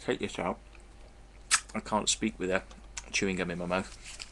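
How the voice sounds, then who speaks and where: Man, low voice, sharp tone, blunt, casual monologue. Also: little pitch movement, moderate pace, slight background noise. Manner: blunt, profane, meandering. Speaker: vlogger.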